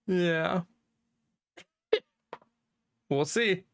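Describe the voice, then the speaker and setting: Male streamer in his 30s, bright tone, lively swooping pitch, chatty, quick to laugh. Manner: chatty, laughs often, reads chat aloud. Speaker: livestreamer. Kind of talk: casual chat with stream viewers.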